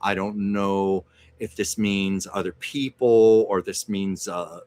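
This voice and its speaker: A man hosting a casual live stream and giving card readings, talking in a measured, reassuring way with frequent hesitations. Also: low voice, fairly even intonation, darkish tone.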